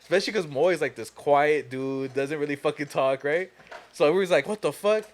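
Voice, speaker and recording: A man's voice: a little high, fairly quick. A young man hosting a podcast, telling a long story casually, profane and laughing as he goes. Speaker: podcast host.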